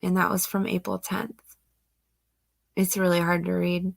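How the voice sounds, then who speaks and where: A woman's voice: lowish voice, completely flat delivery, a little slow, creaky, no echo, studio quality. A young woman host, emotional and near tears, talking casually about missing-child cases. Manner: emotional, tearful, sighing, soft-spoken. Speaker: true crime channel host. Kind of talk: casual commentary on missing-child cases, reading news aloud.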